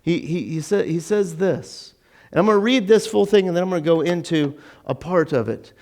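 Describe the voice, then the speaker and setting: A pastor delivering a conversational sermon in church, animated and acting out the lines he quotes. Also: normal speed. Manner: animated, acts out quotes with sudden rises in pitch.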